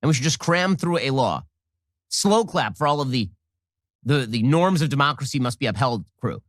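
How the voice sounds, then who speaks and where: A man's voice: mid-range voice, animated, moderate pace, no echo, studio quality. A man delivering political commentary, emphatic and sardonic.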